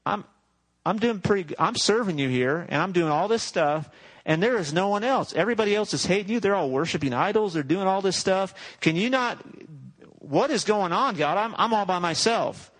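A man's voice: sits high, animated, normal speed, a bit bright, voice pushed up, low-quality recording. A man voicing an exasperated, lonely prophet who complains and pleads in a whiny tone during a sermon. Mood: complaining.

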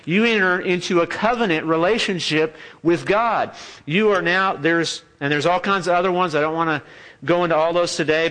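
A man's voice: on the high side, a bit bright. A man giving a sermon as pastor in a church, talking conversationally and joking with the congregation.

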